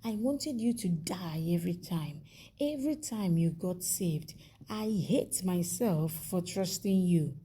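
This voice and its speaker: A woman's voice: fairly low pitch, animated, slow, mellow, slight background noise. A woman reading an angry, vengeful young husband. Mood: cold, hateful.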